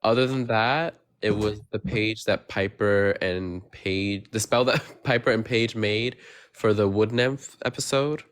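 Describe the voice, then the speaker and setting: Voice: medium pitch, a little slow, clean tone. A guest on a live stream who chats casually and laughs often. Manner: giggly, chatty, often laughing. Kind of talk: casual chat.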